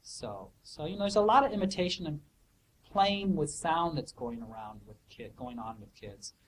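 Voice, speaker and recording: A man's voice: on the high side, lively intonation, normal speed, slight background noise, low-quality recording. A man answering student questions in a casual academic way, thoughtful and hesitant, with many fillers and restarts. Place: office hour recording.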